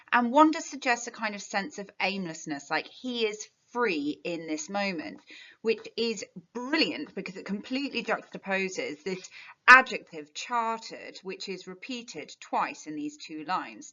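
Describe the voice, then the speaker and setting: An English woman teaches a revision lesson with a bright, forward voice. She explains clearly and leans hard on key words. The sound is slightly dull and lo-fi. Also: on the low side.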